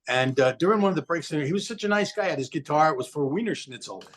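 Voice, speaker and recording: A man's voice: fairly high pitch, animated, quick pace, a bit bright. A man co-hosting a podcast, chatting and reminiscing casually. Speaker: podcast co-host. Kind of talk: casual chat.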